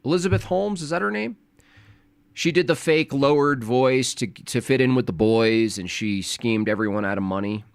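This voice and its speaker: A man's voice: medium pitch, normal speed, creaky, clear, resonant tone, dry recording. A man giving sarcastic, mocking reaction commentary on a video he is watching.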